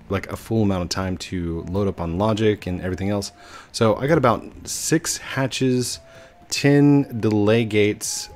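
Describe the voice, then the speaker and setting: A man's voice: lowish voice, a little mellow. A man giving casual gameplay commentary, rambling with many fillers and restarts. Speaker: gaming video host.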